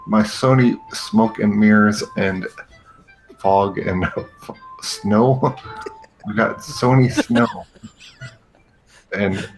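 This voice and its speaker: A man with a low, gravelly voice rants slowly and sarcastically as a comedy host. He sounds exasperated and profane, with faint music behind. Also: low-quality recording. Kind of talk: comedic rant over a game show stream.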